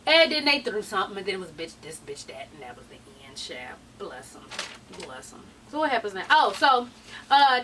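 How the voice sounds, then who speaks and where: A woman's voice: sits high, sharp tone, recorded from a distance, low-quality recording. A young woman giving a casual, profane reality TV recap, acting out the people she quotes. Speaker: TV recap vlogger.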